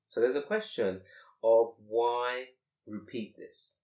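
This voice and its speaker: In an echoey room, a man with a mid-range, dark-toned voice teaches a class on Quranic grammar. He explains by posing many rhetorical questions and reciting Arabic quickly.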